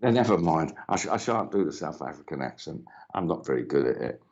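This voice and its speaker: A man's voice: extremely low pitch, expressive, brisk, darkish tone. A man hosting a live mediumship reading stream, chatting loosely and greeting viewers by name between rambling, filler-filled remarks. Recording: dull lo-fi stream audio.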